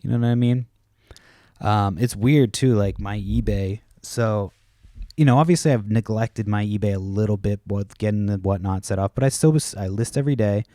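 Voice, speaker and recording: A man's voice: fairly low pitch, normal speed, dark tone, no echo, studio quality. A man hosting a solo podcast, telling stories casually with lots of swearing and acting out what other people said. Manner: casual, profane, acts out quoted people. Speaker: podcast host.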